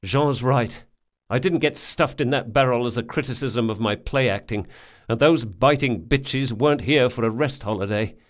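A sardonic young con man, raised in pitch and a little louder than the reader's own voice, as a male narrator plays him. He grumbles and complains with dry wit. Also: normal speed, natural voice.

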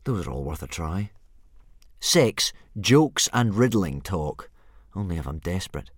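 A man's voice: low voice, big pitch swings, unhurried, slightly rough, no echo, studio quality, heavily acted. A man voicing an earnest, worried young boy who trains a dragon, pleading and often exasperated. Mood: reasoning. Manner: pleading, rising into frantic shouts.

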